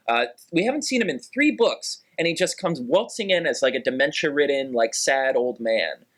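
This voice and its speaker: A man hosting a casual podcast, talking in an animated, rambling way with lots of fillers. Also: medium pitch, normal speed. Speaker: podcast host.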